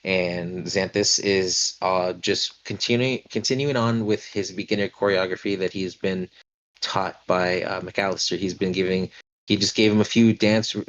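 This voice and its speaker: A man narrating as game master of a tabletop game, relaxed and halting, with many fillers. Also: low voice. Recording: dull lo-fi stream audio.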